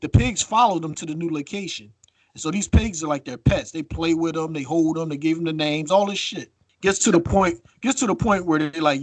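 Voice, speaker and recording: A man co-hosting a podcast in casual chat, telling a story with lively acted-out quotes and free swearing. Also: fairly high pitch, fairly quick, no echo. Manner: animated storytelling, acts out quotes, swears freely. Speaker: podcast co-host.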